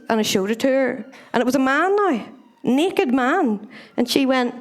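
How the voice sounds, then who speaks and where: On a comedy club stage, a young woman does stand-up into a handheld mic in a slightly high, fairly bright voice. Her delivery is loose, chatty, profane and very animated, with drawn-out words and frequent pauses. She pokes fun at herself and laughs at her own jokes.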